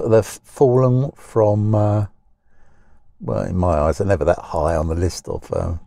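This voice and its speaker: A man's voice: mid-range voice, vocal fry, dark tone, no room sound, studio quality. A man, talking casually from inside a parked car, rambling and grumbling in a blunt, plain-spoken way. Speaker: vlogger. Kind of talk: casual talking-head rant.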